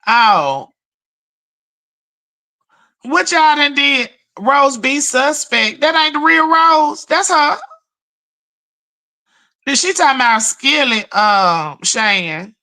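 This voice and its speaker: Animated bright-voiced woman streamer. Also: high voice, slow pace, pauses often. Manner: profane, animated storytelling with chat shout-outs. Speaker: livestream host. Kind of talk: casual livestream chat.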